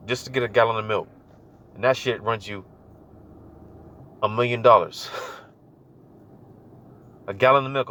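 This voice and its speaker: A man's voice: mid-range voice, a bit bright. A man giving casual, slangy religious commentary, repeating his warnings with a chuckle now and then. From United States. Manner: slangy, repetitive, preachy, chuckling.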